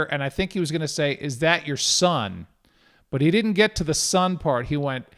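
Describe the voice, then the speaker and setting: A middle-aged man tells a story in relaxed chat, self-deprecating and lively. His voice sits a little high. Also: normal speed, clear, resonant tone. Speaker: guest broadcaster. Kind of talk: casual storytelling.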